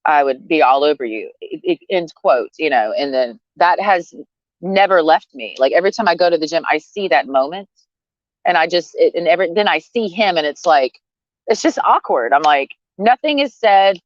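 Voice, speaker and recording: Low-voiced woman ranting outdoors, sarcastic and blunt, cussing, dull dry sound. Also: animated, normal speed, no room sound. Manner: blunt, sarcastic, profane, laughing often. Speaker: vlogger. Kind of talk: casual rant to camera. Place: outdoors, sitting under a tree.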